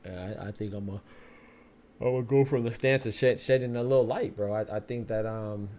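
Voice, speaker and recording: A man's voice: on the low side, normal speed, warm tone. Slang-heavy man hosting a podcast. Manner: conversational, streetwise slang, repeats phrases. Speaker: boxing podcast host. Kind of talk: casual solo podcast talk.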